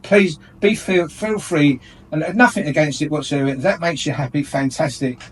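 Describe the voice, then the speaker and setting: A man's voice: fairly high pitch, moderate pace, husky, far from the mic, low-quality recording. A man ranting with indignation in a light-hearted radio chat, laughing often. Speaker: radio show regular airing his gripes.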